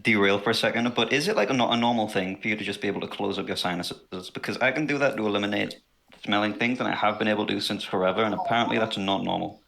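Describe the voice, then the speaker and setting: A man's voice: fairly low pitch, fast talker, gravelly, fairly bright tone. A man playing in a tabletop game, joking around and rambling into asides. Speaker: player.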